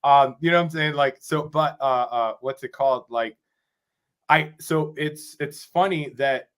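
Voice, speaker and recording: Man, drummer guest on a podcast, casual storytelling, rambling, animated, filler-heavy. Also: on the high side, a little slow, smooth. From Rochester, New York. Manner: rambling, animated, repeats "you know what I'm saying".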